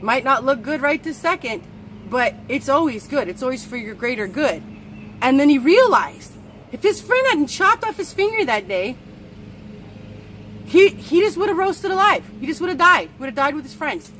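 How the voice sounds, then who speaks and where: A woman well-being coach telling a parable in a casual, animated way, acting out the people she quotes. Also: sits high, moderate pace, a little hiss or hum, rough recording. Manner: animated, acts out quoted voices. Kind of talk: casual storytelling monologue.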